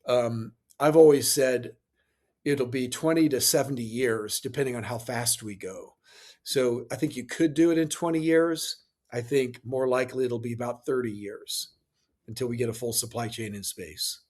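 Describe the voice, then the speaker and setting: A man's voice: mid-range voice, moderate pace, a little mellow. Man explaining in a structured, lecturing way. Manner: lecturing, structured, with restarts and fillers. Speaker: space industry guest. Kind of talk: explanatory interview answers.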